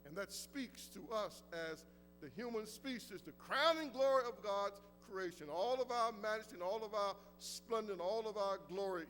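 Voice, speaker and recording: A man preaching a sermon as pastor, reading scripture slowly and deliberately, his voice swelling for emphasis and sinking low at the ends of phrases. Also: fairly bright tone, in a large hall.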